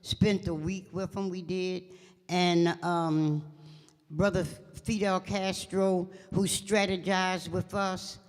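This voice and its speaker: A man's voice: sits high, flat delivery, takes it slowly, clear, resonant tone. An older man speaking casually at a live event, reminiscing in a loose conversational way. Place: church hall, live event. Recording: reverberant church hall.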